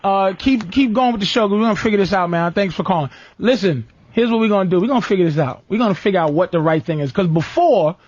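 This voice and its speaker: Man with a high, lively voice. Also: quick pace, few pauses, lo-fi sound. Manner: animated storytelling with acted-out quotes. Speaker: radio show host. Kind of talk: loose comedic radio talk.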